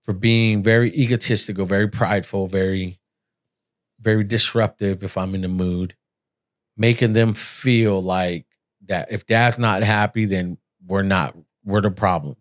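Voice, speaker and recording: A middle-aged man speaks in a fairly low voice, telling his own story with raw candour. He is earnest and emotional, blunt when he talks about himself. It is a casual podcast conversation. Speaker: podcast host.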